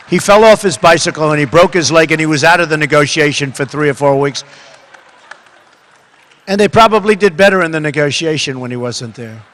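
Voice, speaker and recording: With a fairly high-pitched voice, a man in his seventies campaigns before an audience in a big hall. He hammers points through repetition and alternates soft asides with loud bursts, and the recording carries echo and crowd sound.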